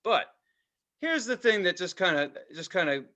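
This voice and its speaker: A man co-hosting a podcast in casual chat, telling profane, animated stories and mimicking voices. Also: high voice, moderate pace. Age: adult with a child. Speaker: podcast co-host.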